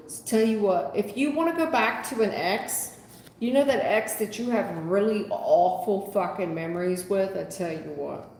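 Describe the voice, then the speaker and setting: A woman's voice: mid-range voice, darkish tone, a little hiss or hum. A woman giving a live tarot reading, sarcastic and scolding in a folksy way. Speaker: tarot reader. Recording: echoey room with long reverb.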